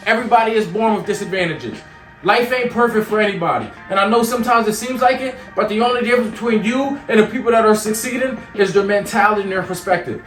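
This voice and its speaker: A man from York, Pennsylvania, hosting a show and giving an energetic motivational talk with teasing banter while cooking in a home kitchen. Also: high voice. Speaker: motivational speaker and show host. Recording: echoey room, mic at a distance, music underneath.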